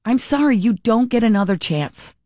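A woman's voice: fairly high pitch, expressive, normal speed, darkish tone, no room sound, studio quality. A woman giving opinionated political commentary, indignant and sarcastic, firing off rhetorical questions.

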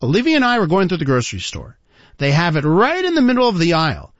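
A man with a slightly high voice hosts a talk radio show, his pitch leaping around as he tells a story. The sound is dry and a little dull, as if heard on a radio broadcast. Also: fast, no echo. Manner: animated, addresses listeners as ladies and gentlemen.

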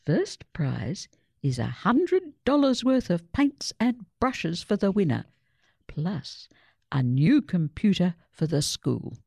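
A woman's voice: lowish voice, big pitch swings, slow, creaky, warm tone, slightly rough, no room sound, clean studio sound, exaggerated voice. A woman voicing an encouraging female schoolteacher in a children's story.

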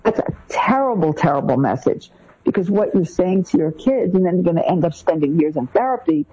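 A woman co-hosting a podcast, giving parenting advice point by point in an animated way. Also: on the low side, brisk, breathy edge. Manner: animated, lists points one by one. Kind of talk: podcast discussion. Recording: dull lo-fi sound.

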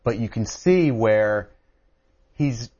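A man who wrote a book, telling a story as a guest on a call-in radio show. He talks in an animated way and keeps restarting his sentences. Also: medium pitch, takes it slowly, husky, highs cut off. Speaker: author guest.

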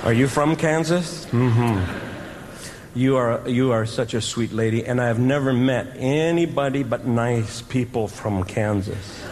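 A man's voice: mid-range voice, a little slow. An older male comedian telling a folksy story onstage in a dry, easygoing way. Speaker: stand-up comedian. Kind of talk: stand-up storytelling. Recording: reverberant hall, faint noise.

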